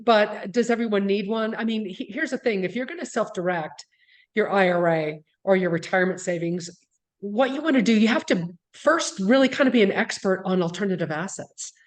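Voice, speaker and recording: A middle-aged woman, the guest founder, answering interview questions in an easygoing, explanatory way over a video call. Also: medium pitch.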